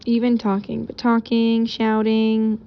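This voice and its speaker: A woman teacher giving a casual recorded lesson, explaining out loud while she sketches examples. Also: a little high, completely flat delivery, a little slow, clean tone, dull audio.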